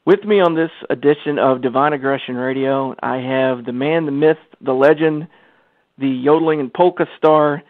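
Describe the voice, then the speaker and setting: Over a tinny phone line with no echo, a male radio show host conducts an interview at a moderate pace in a medium-pitched voice. He is enthusiastic and laughs easily in the casual chat.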